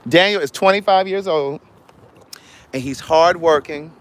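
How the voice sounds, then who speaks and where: A man's voice: fairly high pitch, a little slow. Chatty man on a livestream. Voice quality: chatty, animated, addresses viewers directly with laughs. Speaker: vlogger hosting a livestream. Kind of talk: casual livestream chat. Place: outdoors in a yard.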